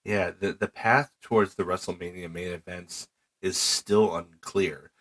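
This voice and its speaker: A man's voice: deep voice, measured pace. A man co-hosting a podcast, casually chiming in with short comments on wrestling. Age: adult father. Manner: relaxed, chimes in with brief comments. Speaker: podcast co-host.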